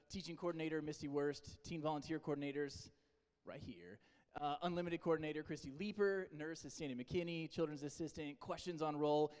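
A young man with a fairly high voice gives a playful, teasing pep talk to a room of teen volunteers. His voice rings with a long reverb in a large indoor hall. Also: clear, resonant tone. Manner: playful teasing, loud and coaxing. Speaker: camp leader training teen volunteers. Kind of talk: energetic pep talk to a group.

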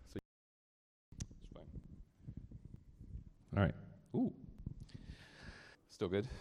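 A male pastor preaching a sermon earnestly, slowing down to stress quoted verses. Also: a little high. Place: church sanctuary. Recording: long hall reverb.

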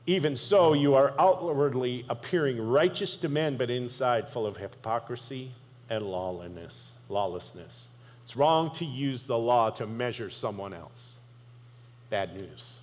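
Conversational pastor in a reverberant hall. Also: male voice, medium pitch, expressive, measured pace, a little mellow. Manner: conversational preaching, keeps asking "right?". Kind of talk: sermon. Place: church sanctuary.

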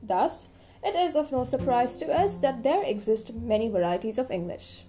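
A woman's voice: a little high, expressive, normal speed, mellow, faint music behind. A young woman hosting an educational podcast, reading a script in a playful, chatty way with jokey asides. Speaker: podcast host explaining English dialects.

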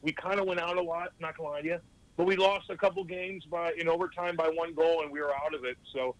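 A man, a former hockey player, telling rambling, profane stories in a casual podcast chat with lively voiced quotes. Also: on the high side, fast talker, low-quality recording.

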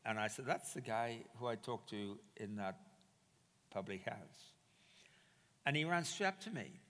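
A man telling a personal story in a sermon, animated and acting out the quoted dialogue. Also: mid-range voice. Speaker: preacher. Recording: reverberant hall.

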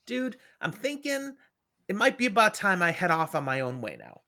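A man's voice: very animated, moderate pace, bright, forceful tone, exaggerated voice. A man putting on a flustered cocky young rogue. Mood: casual. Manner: exasperated, bouncing up high.

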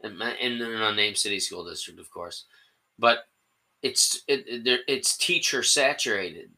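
A man's voice: lowish voice, unhurried, pushed and bright, rough recording. A man hosting his own solo podcast, talking casually in a rambling, self-deprecating way with frequent restarts. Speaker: podcast host.

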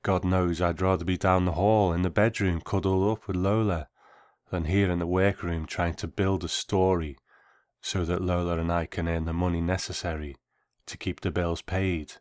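A man narrating a first-person story in a measured, reflective way. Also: sits low, flat delivery, darkish tone, no room sound, clean studio sound.

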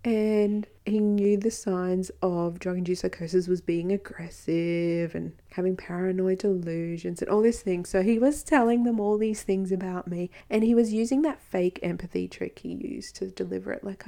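A woman hosting a podcast, telling her own story in a frank, earnest monologue with quick asides. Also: medium pitch, steady tone, mellow. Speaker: podcast host.

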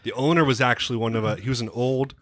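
A man hosting a laid-back podcast, winding through stories and half-sure explanations. His voice sits at a middle pitch. He laughs often as he talks. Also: fast talker, fairly bright tone, no echo. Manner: storytelling, meandering, laughing. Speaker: podcast host. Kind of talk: casual podcast chat.

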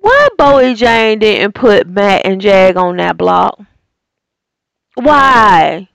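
Sassy woman with a gravelly voice. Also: medium pitch, animated, slow pace, no room sound. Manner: sassy, exasperated, rhetorical questions. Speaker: reality TV recap vlogger. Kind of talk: casual opinionated recap.

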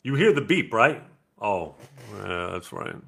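A man's voice: fairly low pitch, very animated, a little slow, vocal fry, pushed and bright, a little hiss or hum. A middle-aged man hosting a live podcast, talking in a blunt, profane, casual way. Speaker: podcast host. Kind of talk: casual live-stream chat.

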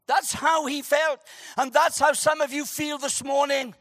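A man preaching a sermon, animated and joking, who shouts for emphasis. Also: very high-pitched, unhurried, no room sound, clean studio sound. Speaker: pastor.

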